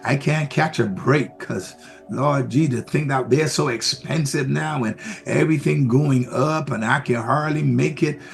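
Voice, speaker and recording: A preacher voicing a weary, broke churchgoer who grumbles in a low, self-pitying mumble. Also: male voice, a little slow, gravelly, soft background music. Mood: grumbling.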